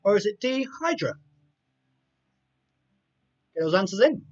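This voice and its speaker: Speaking a little slowly, this man has a high voice that swings widely in pitch. He hosts a live online quiz, calling out multiple-choice answers and chatting casually in between, on a dull lo-fi recording with faint music underneath.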